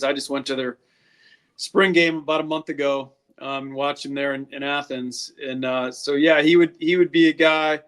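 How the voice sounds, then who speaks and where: A man's voice: a little high, a bit bright. A man being interviewed as a guest, talking candidly with lots of restarts. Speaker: draft scout, guest. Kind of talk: casual interview talk.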